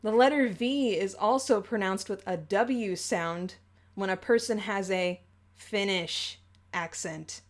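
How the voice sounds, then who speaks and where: A woman's voice: medium pitch, slow. A woman narrating scripted fandom facts with dry, teasing banter. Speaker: co-host of fandom facts video. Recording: music bed behind voice.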